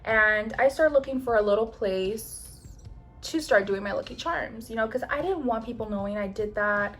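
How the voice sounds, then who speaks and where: A young woman chatting casually while doing her makeup, telling a long story in an animated, slangy way, swearing often and acting out other people's lines. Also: on the high side, normal speed, soft background music. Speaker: beauty vlogger. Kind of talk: get-ready-with-me storytime.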